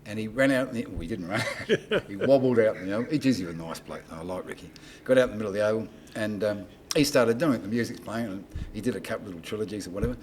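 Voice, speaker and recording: An older man with an Australian accent, a podcast guest telling lively backstage anecdotes and acting out the dialogue. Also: on the low side, fast talker, hardly any pauses, slight background noise. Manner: animated anecdote-teller, acts out dialogue in raised voice. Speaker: guest, entertainment promoter. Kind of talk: casual storytelling on a podcast.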